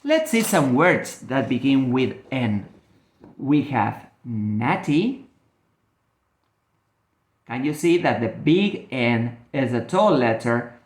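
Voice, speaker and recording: A man gives a children's phonics lesson, stretching every word very slowly. His pitch swings brightly up and down as he explains letters and tells a story. The room rings with echo. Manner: slow, drawn-out, lively teacher talk. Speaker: ESL teacher.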